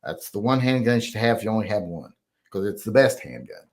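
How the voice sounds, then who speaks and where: A man's voice: on the low side, sing-song, brisk. A man hosting a casual livestream, rambling and swearing as he chats with viewers over a computer microphone. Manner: rambling, profane, talks to himself and chat. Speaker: livestream host.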